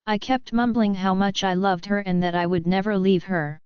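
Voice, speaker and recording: Woman narrating in a smooth voice. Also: medium pitch, fairly even intonation, normal speed, no echo, highs cut off. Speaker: audiobook narrator. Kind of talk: scripted first-person narration.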